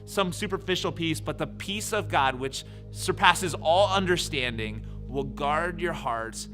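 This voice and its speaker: A man in his thirties preaching a sermon as pastor, lively, then dropping his voice to near whispers. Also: on the high side, unhurried, faint music behind. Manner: animated preaching that drops to soft whispers.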